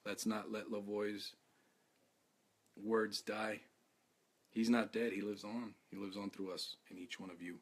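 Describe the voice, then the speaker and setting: Exhausted man, low flat stammering voice. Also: breathy edge. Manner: halting, stammering, repeats words; earnest, heartfelt. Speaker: activist speaking to followers. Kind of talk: live video talk.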